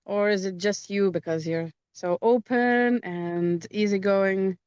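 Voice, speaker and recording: Smooth-voiced woman interviewer, dry sound. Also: mid-range voice, slow pace, darkish tone, dry recording, muffled recording. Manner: encouraging, asks follow-up questions. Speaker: interviewer, English teacher. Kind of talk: casual interview.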